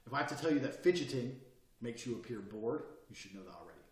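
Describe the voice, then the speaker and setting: A man teaches a recorded course with swagger, bragging and swearing in an animated, quick, medium-pitched voice. The mic sits far off in a room with roomy echo.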